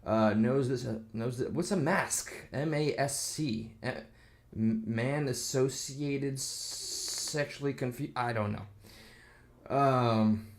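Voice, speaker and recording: A man's voice: mid-range voice, takes it slowly. A man giving a casual reaction rant, rambling and sarcastic, reading online comments aloud with mocking voices. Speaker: video commentator.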